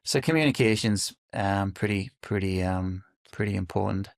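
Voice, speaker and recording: This clean studio recording, free of echo, features a middle-aged man from the United Kingdom guesting on a podcast. He founded a company, and in the relaxed conversation his fairly low, creaky voice moves at a moderate pace as he hesitates, restarts, and uses many fillers.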